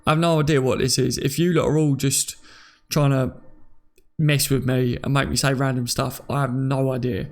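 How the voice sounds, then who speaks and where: Chatty English man with a gravelly voice. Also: medium pitch, little pitch movement, normal speed, darkish tone. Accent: English, from near London. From England. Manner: chatty and jokey, laughs often. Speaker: live stream host. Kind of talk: casual live stream chat reading comments.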